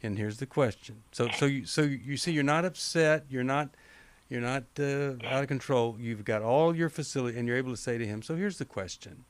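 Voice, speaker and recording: A man hosting a call-in advice show, calm and measured, coaching a caller slowly and deliberately. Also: medium pitch, slight background noise. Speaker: radio show host.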